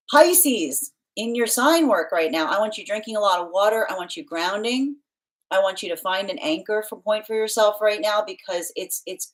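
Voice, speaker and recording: A woman chats casually to her viewers on a live tarot stream, welcoming people by name and laughing often. She slips into a playfully stern, motherly tone when she gives advice. Her voice sits at an ordinary middle pitch for a woman. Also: rough recording. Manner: chatty and animated, laughs often, reads out viewer comments. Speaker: tarot reader hosting a livestream. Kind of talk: casual livestream chat.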